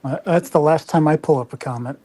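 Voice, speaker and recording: A man's voice: a little high, brisk, dark tone, husky, dry recording. A man co-hosting a livestream, chatting casually and teasing with laughter.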